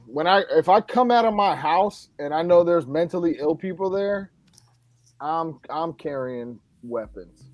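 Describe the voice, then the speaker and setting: A man's voice: a little high, a little mellow, dry recording. A man hosting a casual podcast, rambling and often laughing as he talks. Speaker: podcast host. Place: home studio, Florida.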